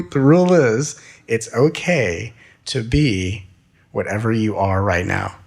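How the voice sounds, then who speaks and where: A man giving a spiritual talk, gentle and soothing, with slow repeated phrases. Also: lowish voice, creaky. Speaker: spiritual teacher.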